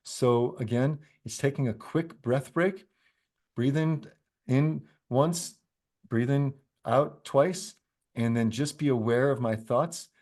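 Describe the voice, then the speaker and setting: A middle-aged man, host of a business coaching podcast, talking in a calm, unhurried, reflective way and guiding slow breathing pauses. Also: mid-range voice.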